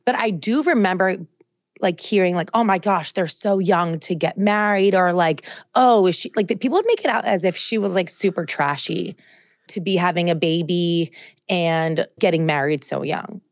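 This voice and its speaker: A woman's voice: lowish voice, moderate pace, no room sound, studio quality. A woman in her thirties co-hosting a podcast, chatting casually with enthusiasm. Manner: enthusiastic, laughs often. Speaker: podcast co-host. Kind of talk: casual chat.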